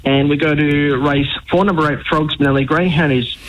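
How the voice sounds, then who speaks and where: Upbeat Australian racing tipster. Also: male voice, a little high, steady tone, moderate pace, highs cut off. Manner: upbeat, rattles off names and prices. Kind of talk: racing tips on radio.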